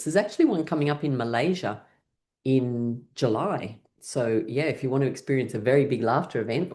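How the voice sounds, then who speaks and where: A woman's voice: very deep voice, darkish tone. A woman leading a guided laughter exercise session as an instructor, playful and coaxing, often breaking into exaggerated laughter. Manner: cheerful, coaxing participants to play along.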